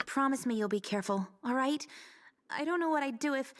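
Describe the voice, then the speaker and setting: A weary young adventurer pleads with her friend in a soft, hushed voice. Her tone stays gentle and affectionate, sometimes dropping almost to a whisper. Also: high voice, animated, fairly quick. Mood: tender.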